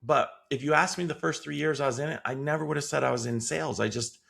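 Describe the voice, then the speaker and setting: A man's voice: on the high side, fast talker, creaky, fairly bright tone, breathy edge. A man from Connecticut, a guest on a podcast, talking casually and animatedly about his career, laughing easily. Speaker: guest, sales consultant. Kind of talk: casual interview chat.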